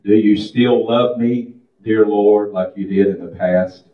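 A man's voice: fairly low pitch, steady tone, unhurried. A man preaching a sermon in a folksy style that builds into a fervent chant. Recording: distant, echoey, muffled room recording.

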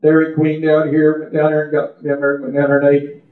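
A man's voice: completely flat delivery, normal speed. A man preaching a testimony sermon in church, telling stories and praying aloud with fervor. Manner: fervent, prays aloud with rising pitch, folksy storytelling. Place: church service. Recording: echoey room over a tinny phone-like line.

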